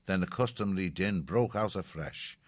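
A man narrating an audiobook in a steady, descriptive way. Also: low-pitched, normal speed.

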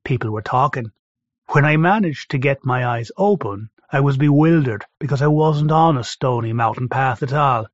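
A man reading a first-person story aloud in a steady, measured way. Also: mid-range voice, no room sound. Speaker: narrator. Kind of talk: first-person audiobook narration. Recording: dry, slightly dull recording.

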